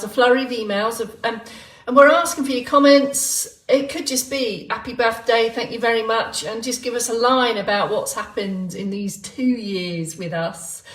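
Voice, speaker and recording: A woman's voice: fairly high pitch, moderate pace. A woman runs a live movement class, chatting and joking as she greets people by name. Her voice sits back from the mic in a roomy, echoing space. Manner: chatty, rambling, jokey, greeting viewers by name. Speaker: exercise class instructor. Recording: roomy sound from a distant mic.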